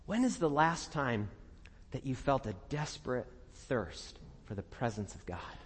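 A man preaching a sermon as a pastor, earnest and conversational, laughing at times and dropping soft and low in prayerful moments. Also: breathy edge, in a large hall. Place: church.

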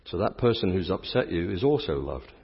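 A man's voice: low voice, big pitch swings, fairly quick, slightly rough. A middle-aged English priest giving a playful, interactive sermon and teasing his volunteers. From England. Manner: playful, teasing, chatty with the congregation. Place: church. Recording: dull lo-fi sound with long church reverb.

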